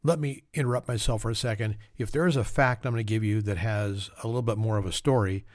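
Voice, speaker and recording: A man's voice: fairly low pitch, fast, dry recording, studio quality. A man hosting a solo trivia podcast, reading facts with joking, self-mocking asides. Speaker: podcast host.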